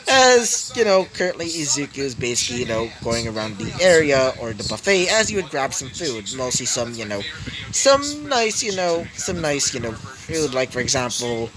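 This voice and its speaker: A man's voice: mid-range voice, sing-song, moderate pace, poor audio. A man improvising a fan-story narration, rambling with many fillers and you-knows, with crowd noise behind.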